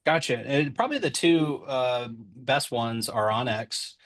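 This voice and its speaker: A man's voice: medium pitch, a little slow, a bit bright. A man in his forties, a stadium announcer, chatting in an interview in a joking, easygoing way with many ums. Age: 40s. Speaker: public address announcer, guest. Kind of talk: casual interview chat.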